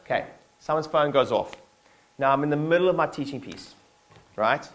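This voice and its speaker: At a normal speed, a man whose voice is on the high side and fairly bright gives his staff a motivational keynote in a conference hall. He keeps it casual with many fillers and invites audience responses.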